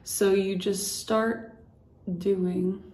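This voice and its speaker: Slow-talking, breathless woman vlogger. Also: medium pitch, little pitch movement, dark tone, roomy sound, a little hiss or hum. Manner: chatty, filler-heavy, demonstrating as she goes. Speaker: beauty vlogger. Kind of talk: casual makeup tutorial. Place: at home by a mirror.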